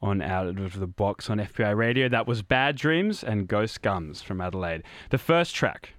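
A man hosting a radio interview, asking measured, curious questions. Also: fairly low pitch, lively intonation, fairly bright tone, dry recording, studio quality. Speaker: radio host.

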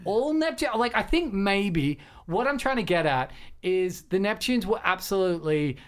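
A man's voice: high voice, expressive, normal speed, clean tone. Rambling, self-deprecating podcast host, a man. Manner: rambling, self-deprecating, many fillers and restarts. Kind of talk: casual film podcast chat.

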